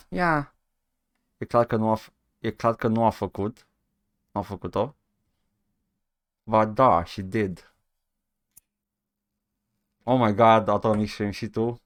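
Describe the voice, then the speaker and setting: A man's voice: on the low side, a little slow, long pauses, no echo, clean studio sound. A man with a Romanian accent giving wry, mocking live-stream commentary while playing a game at a desk microphone. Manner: wry, mocking, switching languages.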